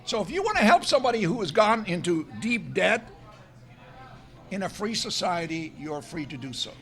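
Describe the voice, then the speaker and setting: Animated high-voiced man lecturing with emphasis. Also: creaky. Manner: emphatic, argumentative, stresses key words. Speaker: guest lecturer. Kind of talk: public lecture. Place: restaurant event room.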